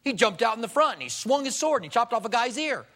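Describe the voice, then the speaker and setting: A male pastor preaching a sermon, animated and acting out the people he quotes. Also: very high-pitched, quick pace. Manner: animated, acts out quoted voices.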